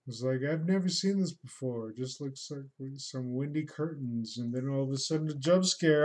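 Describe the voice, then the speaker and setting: A man's voice: mid-range voice, moderate pace, hardly any pauses, darkish tone. A man casually commenting on videos during a livestream, dry and sarcastic with mock-scared jokes. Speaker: livestreaming artist reacting to videos.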